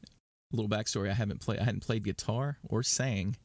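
A worship leader appears as a guest on a faith podcast, talking in a lowish, steady voice at a slightly fast pace. It's a casual conversational interview, and he rambles through his stories with fillers and restarts. The recording is dry and studio-clean.

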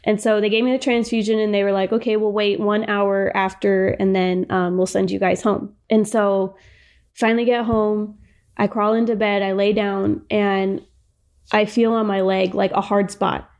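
A woman's voice: medium pitch, flat delivery, normal speed, a little mellow. A young woman casually telling a personal story as a podcast guest, chatty, with lots of fillers and frequent laughs.

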